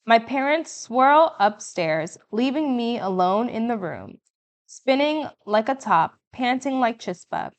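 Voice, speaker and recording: A woman narrating a first-person audiobook in a slow, measured way. Her voice sits somewhat high, and she lingers on vivid details. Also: animated.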